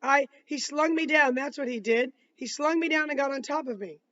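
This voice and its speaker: A man's voice: very high-pitched, moderate pace, bright, forceful tone, far from the mic, highs cut off, voice pushed up. A man reading aloud, voicing an angry, defensive young woman on the witness stand with a raised, drawling voice.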